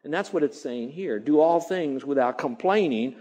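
A man's voice: on the high side, lively intonation, moderate pace, mellow. A middle-aged male pastor preaching a sermon, stretching out key words for emphasis and mimicking grumbling sounds.

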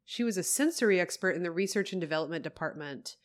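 A woman's voice: lowish voice, lively intonation, fast talker. A woman co-hosting a casual chat while tasting whiskey, talking through facts with chatty asides. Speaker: podcast co-host.

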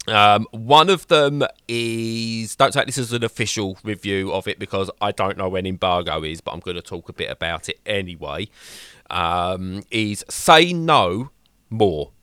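A young man co-hosting a casual chat, rambling and animated as he acts out little voices. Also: on the low side, unhurried, clean tone, no room sound, studio quality. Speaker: podcast co-host reviewing games.

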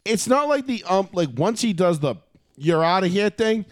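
A man's voice: high-pitched, big pitch swings, moderate pace, no room sound, studio quality. A man hosting a casual sports talk show, ranting with lots of swearing. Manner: profane, ranting, riffs into mock voices.

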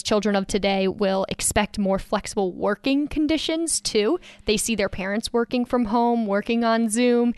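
A woman's voice: mid-range voice, clear, resonant tone, no echo, clean studio sound. A woman co-hosting a podcast on youth ministry, chatting and reading out findings from a study. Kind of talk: casual podcast discussion.

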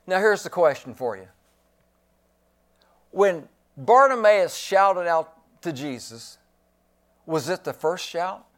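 A man preaching a sermon as pastor, emphatic and given to repeating his phrases. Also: a little high.

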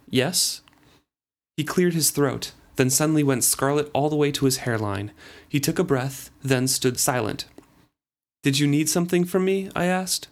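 A man co-hosting a book discussion, recapping chapters and reading passages aloud in a relaxed, conversational way. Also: medium pitch. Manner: recaps and reads passages in first person. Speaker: book podcast co-host.

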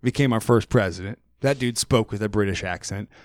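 A man hosting a podcast in a studio, talking in a rambling, animated, profane way. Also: fairly low pitch, a little fast, dry recording. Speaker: podcast host. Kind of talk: casual chat.

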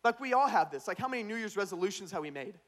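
A young man preaching a sermon as pastor, telling a comic story with put-on voices and swinging between hushed asides and loud punchlines. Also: sits high, animated, rapid-fire.

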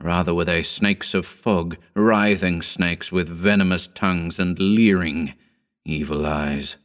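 A man narrating a horror story in a slow, grave, deliberate reading. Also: low-pitched, steady tone.

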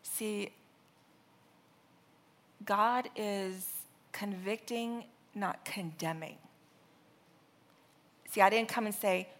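A woman in her thirties preaching a sermon, telling a family story with lively, exaggerated re-enactments. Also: mid-range voice, slow pace, gravelly, long pauses.

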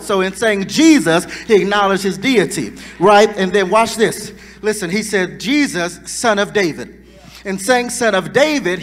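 A man preaching a sermon in a church, fervent and building in intensity with call-and-response. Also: high-pitched. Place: church sanctuary. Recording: long church reverb.

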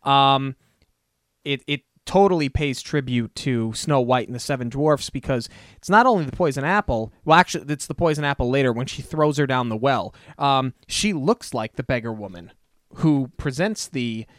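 A man casually discussing a movie as a podcast co-host, chatty and animated with frequent fillers. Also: medium pitch, normal speed, no room sound, clean studio sound.

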